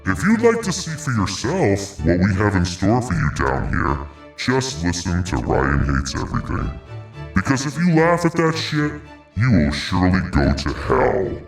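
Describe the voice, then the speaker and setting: Man doing a smug Satan, low voice, wildly swinging pitch, echoey and distant. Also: very animated, moderate pace, faint music behind. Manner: smug, salesy ad read. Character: boastful male Satan pitching a podcast ad.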